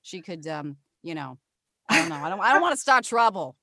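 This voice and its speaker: A woman's voice: lowish voice, big pitch swings, fairly quick, sharp tone, no room sound, studio quality, exaggerated voice. Woman improvising a gossipy lady. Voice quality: gushing, rambling, hesitant. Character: chatty gossipy British woman abroad. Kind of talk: improvised character.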